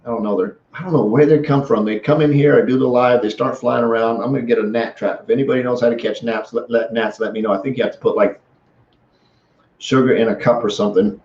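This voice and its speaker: A man talks to his live audience in a casual, storytelling way. He stops and restarts his sentences often and stays animated. The sound is roomy and a little muffled, as if it was recorded in a small office. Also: mid-range voice, fast talker. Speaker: host. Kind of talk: casual live-stream talk. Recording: echoey room, dull lo-fi sound.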